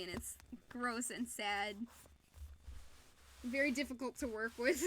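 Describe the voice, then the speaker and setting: A woman's voice: fairly high pitch, fairly bright tone, slight background noise. A young woman with a Michigan accent chatting casually on a live stream while she crafts, giggling often between sentences. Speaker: fursuit maker and streamer.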